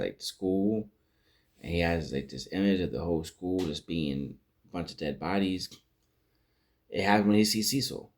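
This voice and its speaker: A man giving a casual, rambling spoken review of a TV episode, retelling scenes and acting out lines. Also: sits low. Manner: rambling recap with restarts and acted-out quotes. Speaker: show reviewer. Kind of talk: casual commentary.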